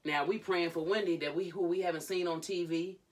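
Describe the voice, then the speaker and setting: A woman's voice: fairly low pitch, fairly even intonation, brisk, recorded from a distance. A woman coach hosting a reality-show commentary vlog, retelling events dramatically and calling out to the Lord. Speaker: life coach and vlogger.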